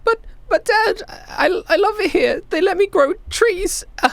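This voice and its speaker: A man's voice: extremely high pitch, animated, unhurried, gravelly, a bit bright, no room sound, pitched above the performer's own voice, heavily acted. A man voicing a frightened young child who stammers and panics. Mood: distraught.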